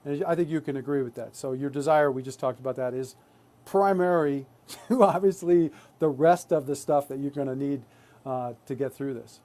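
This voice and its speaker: A man's voice: medium pitch, moderate pace, mellow. An adult man presenting a live workshop, talking earnestly and often checking in with "right?". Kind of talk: live online workshop talk.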